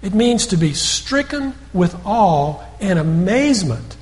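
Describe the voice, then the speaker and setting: A man's voice: high-pitched, big pitch swings, a little slow, darkish tone. A man preaching a sermon in a conversational storytelling way, often repeating words and restarting sentences.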